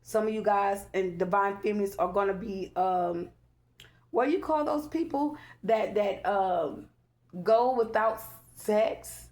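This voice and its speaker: A woman talks through a tarot reading in a loose, preachy way. She repeats herself for emphasis and keeps checking in with "okay?". Her voice sits at an ordinary middle pitch. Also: measured pace, darkish tone. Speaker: tarot reader. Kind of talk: casual spiritual tarot reading.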